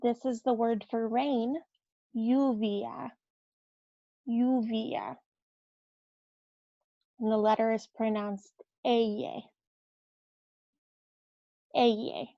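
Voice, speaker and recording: A woman teaching the Spanish alphabet, saying each word slowly and repeating it for learners. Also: fairly high pitch, steady tone, dry recording. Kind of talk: slow alphabet pronunciation lesson. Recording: dull lo-fi dry audio.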